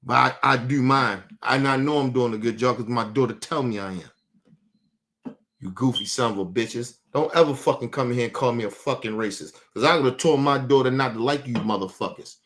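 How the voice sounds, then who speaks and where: A man with a mid-range, fairly bright voice talks at normal speed while hosting a livestream. In a casual, blunt, profane rant to his chat, he repeats and restarts words as he gets heated.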